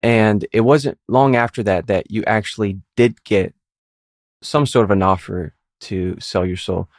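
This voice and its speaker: A man hosting an interview, who sums up the story in a measured way before he asks a question. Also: fairly low pitch, no room sound. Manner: measured, recapping before asking. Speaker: host.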